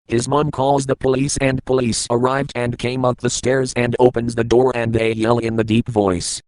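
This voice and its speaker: A man in a hotel room reading a children's picture book aloud, plain and halting, with small grammar slips. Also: mid-range voice, dry recording, low-quality recording.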